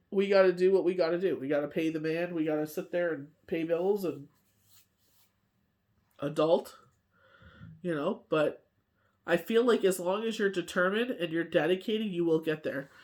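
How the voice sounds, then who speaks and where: A tired woman giving a casual daily tarot reading, rambling and chatty, with lots of "you know" and "like" and frequent laughter. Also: lowish voice. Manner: laughs often while telling stories. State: tired from coughing fits. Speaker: tarot card reader.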